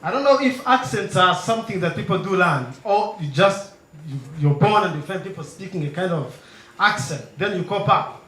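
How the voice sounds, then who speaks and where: Man, stand-up comedian, very high voice, bright tone, echoey live venue. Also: animated, moderate pace. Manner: acts out characters with sudden loud high shouts. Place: comedy stage before a live audience.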